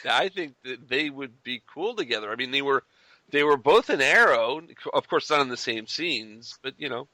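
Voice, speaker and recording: A man hosting a fan podcast, chatting casually and animatedly with quick restarts and chuckles. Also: medium pitch, lively intonation, sharp tone, no echo. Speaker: podcast host.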